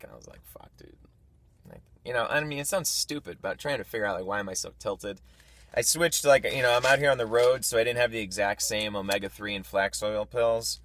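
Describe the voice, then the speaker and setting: A man's voice: fairly low pitch, a bit bright, no echo. A man recording a casual video diary on the road, talking frankly about his week, venting anger and swearing, often restarting his sentences. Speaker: vlogger. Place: on the road, travelling. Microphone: camera mic.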